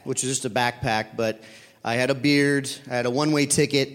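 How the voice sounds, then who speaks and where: A man's voice: medium pitch, fairly even intonation, brisk. A man telling a personal story to an audience, rambling and correcting himself with many fillers. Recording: long reverb of a hall.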